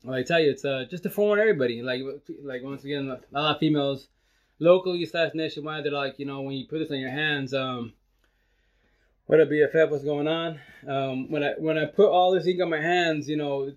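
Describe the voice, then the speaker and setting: On a muffled phone livestream, a father chats casually with followers from his home, his voice on the high side and fairly quick. He rambles, starts sentences over, and sometimes throws in a bit of Spanish.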